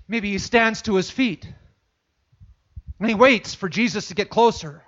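A man's voice: high-pitched, a little slow, long pauses, fairly bright tone. A man preaching a sermon, retelling a story and repeating phrases for emphasis, in a dull lo-fi recording.

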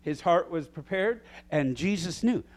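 A middle-aged man preaching a sermon to his small church, acting out scripture with big swings in pitch and loudness. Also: expressive, unhurried. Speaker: pastor.

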